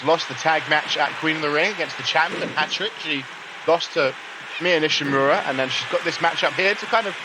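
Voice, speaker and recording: High-voiced young male stream commentator. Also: background noise. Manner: chatty, greets viewers mid-commentary. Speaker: streamer and wrestling game commentator. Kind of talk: live play-by-play commentary. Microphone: laptop mic. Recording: music playing behind. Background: music.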